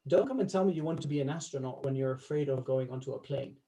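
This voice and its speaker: Man coaching slowly, stressing his words. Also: medium pitch, warm tone, rough recording. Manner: instructive, stresses words slowly, laughs easily. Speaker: life coach. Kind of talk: coaching talk to a small group.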